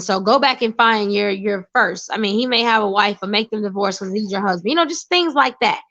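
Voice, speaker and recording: A woman's voice: a little high, animated, fairly quick, pushed and bright. Emphatic woman preaching in a lo-fi recording. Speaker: vlogger sharing personal advice. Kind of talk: casual spoken monologue.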